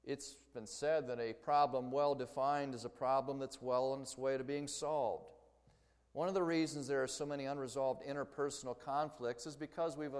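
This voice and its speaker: A man in a middle-range voice teaches a Bible lesson in a relaxed, conversational way, using small stories to make his points. His words carry a long reverb, as in a large hall. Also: medium pitch, normal speed, smooth. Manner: conversational, explains with story examples. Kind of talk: church lecture.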